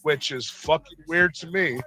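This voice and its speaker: A man's voice: a little high, measured pace, sharp tone, faint music behind, rough recording. A young man casually telling a heated, profane story in rambling slang, full of "like".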